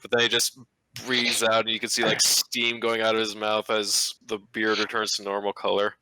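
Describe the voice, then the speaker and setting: A man runs a tabletop game, narrating the scene in a loose, rambling way full of fillers. His voice is bright and crisp. It is recorded close and dry. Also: fairly low pitch, monotone, normal speed, dry recording, low-quality recording. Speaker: game master.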